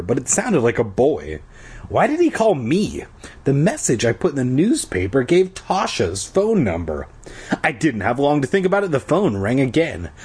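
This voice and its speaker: A man's voice: mid-range voice, husky. A man reading a children's book aloud for a podcast, casual, with irreverent asides. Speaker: podcast reader.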